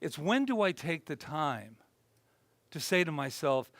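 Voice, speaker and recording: Man, minister, conversational sermon, self-deprecating humor, soft reflective drops, slightly high voice, dry close sound. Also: measured pace, no echo. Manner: animated and chatty, then drops soft and reflective. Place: spiritual center gathering.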